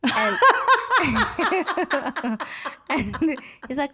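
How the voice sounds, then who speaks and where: A woman's voice: medium pitch, normal speed. A woman in her thirties, a podcast guest, telling a story in casual chat and acting out what other people said. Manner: animated, acts out quoted people.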